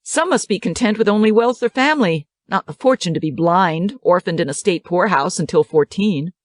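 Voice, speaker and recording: A woman reading the part of a kindly older male school director who counsels and teases gently. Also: fairly low pitch, lively intonation, moderate pace, no echo, clean studio sound, natural voice. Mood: gentle. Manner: gentle, counseling, lightly teasing.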